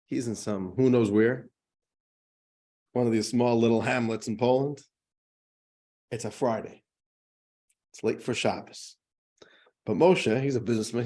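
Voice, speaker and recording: A man who is a rabbi teaching a class, telling a joke in a lively, conversational way before explaining a lesson. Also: medium pitch.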